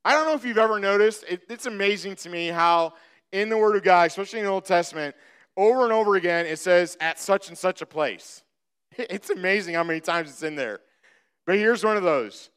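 A man preaching a sermon, retelling a scripture story with animated, acted-out voices. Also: sits high, clean tone. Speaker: pastor.

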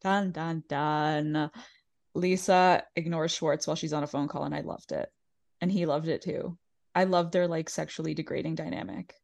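Gossipy woman podcast co-host, lowish voice. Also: fairly even intonation, a little fast, creaky, darkish tone, dry recording. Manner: gossipy, laughs often, acts out quotes. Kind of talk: casual recap chat.

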